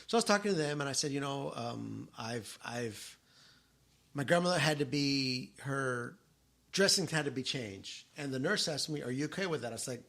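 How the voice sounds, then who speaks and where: A middle-aged podcast co-host tells a personal story in casual conversation, acting out the voices of the relatives he quotes. His medium-pitched voice is animated and a bit bright, with some vocal fry, at a normal speed.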